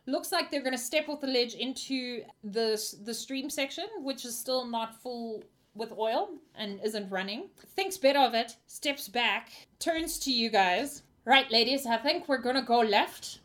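A woman's voice: fairly high pitch, measured pace, hardly any pauses, fairly bright tone. A woman narrating as game master of a tabletop game, often laughing and apologizing.

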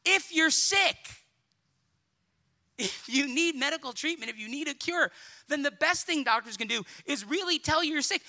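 A man preaching a sermon in a strikingly high, sharp and piercing voice. He delivers it with lively energy, slipping into character voices for his stories and climbing to shouts at his strongest points. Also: moderate pace. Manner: animated, acts out quoted voices, builds to shouts.

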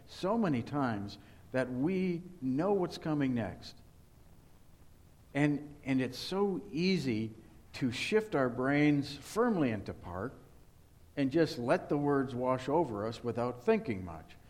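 A man preaching an earnest sermon to his congregation. He keeps asking rhetorical questions and speaks at an ordinary pitch for a man. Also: a little mellow. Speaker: pastor.

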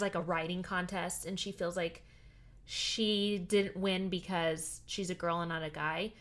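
A woman's voice: medium pitch, a bit bright. A young adult woman co-hosting a podcast, easygoing and casual, with lots of fillers. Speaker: podcast co-host. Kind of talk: casual chat.

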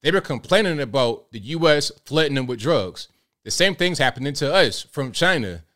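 A man delivering an opinionated monologue, animated, with frequent stammering restarts. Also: medium pitch, normal speed. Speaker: political commentator.

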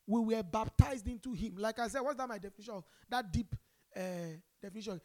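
A Nigerian woman preaching a sermon, calling on the congregation to respond and swinging between loud emphasis and quiet asides. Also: a little high, a little fast. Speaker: pastor.

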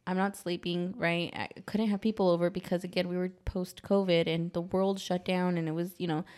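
A woman's voice: on the low side, level tone, darkish tone. Candid laughing woman podcaster. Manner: candid, laughing, quick repeated phrases with frequent "right?". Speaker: podcast co-host. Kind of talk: casual chat.

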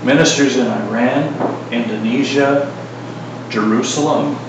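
A middle-aged man preaching a sermon in a casual, joking style, full of asides and lively retellings. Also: mid-range voice, a little slow, very echoey, far from the mic, noisy background.

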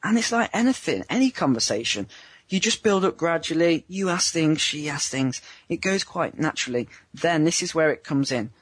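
A man's voice: fairly high pitch, lively intonation, moderate pace, fairly bright tone, breathy edge, dry recording. A man, a dating coach talking in a chatty interview and acting out small scenes in other voices. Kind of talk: remote interview.

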